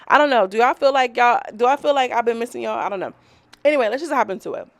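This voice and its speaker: Gravelly-voiced chatty woman vlogger. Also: on the high side, fast talker. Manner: chatty, rambling, profane, talks straight to viewers. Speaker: reality show reviewer. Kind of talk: casual vlog review.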